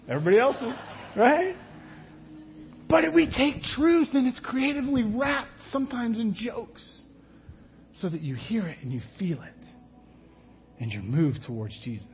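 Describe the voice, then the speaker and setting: A man preaching a sermon as pastor, animated, acting out quotes and dropping to hushed tones. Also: extremely high pitch, moderate pace, muffled recording.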